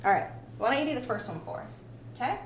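A woman's voice: a little high, very animated, quick pace. A woman teaching a music lesson, patient and encouraging, sometimes singing short phrases to demonstrate. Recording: echoey room with faint ambient noise.

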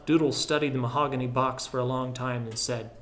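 A man narrating a literary story in a measured, reflective way. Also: mid-range voice, steady tone. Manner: measured and reflective, dropping softer at solemn lines. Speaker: audiobook narrator.

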